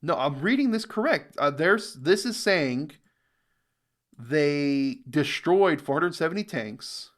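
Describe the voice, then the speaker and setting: An American man hosting a reaction video, reading viewer comments and thinking aloud in a casual, unhurried way with fillers. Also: fairly high pitch, expressive, fairly bright tone. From United States. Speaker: reaction channel host.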